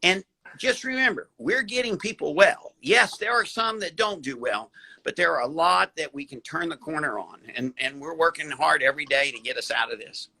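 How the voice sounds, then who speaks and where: A man's voice: fairly high pitch, expressive, a little fast, vocal fry, husky, low-quality recording. A man who works as a hospital doctor, talking casually on a live video call, folksy and affectionate. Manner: warm, folksy, calls the host baby.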